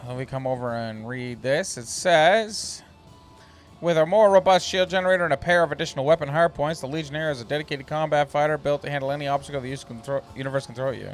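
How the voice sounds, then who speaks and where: A man streaming a space game, chatting casually and reading ship descriptions aloud in a relaxed, slightly halting way. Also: on the high side, soft background music.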